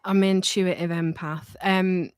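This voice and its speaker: A woman's voice: on the low side, steady tone, takes it slowly. A woman with an English accent, chatting casually as a podcast guest, full of fillers and restarts.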